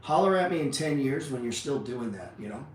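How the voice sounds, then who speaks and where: A man of middling pitch delivers a blunt, profane motivational rant, leaning on "man" and "dude". He sounds like a trading teacher pushing his students hard. His voice rings in a very echoey room from some way off the mic, with faint noise beneath. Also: expressive, fairly quick, a little mellow, distant mic. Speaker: trading educator.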